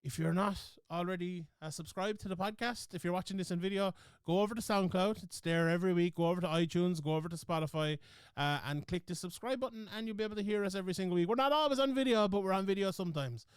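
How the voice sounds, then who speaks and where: A man's voice: sits high, quick pace, clean tone, no room sound, studio quality. A man hosting a podcast, talking bluntly and swearing casually as he wraps up with plugs. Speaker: podcast host.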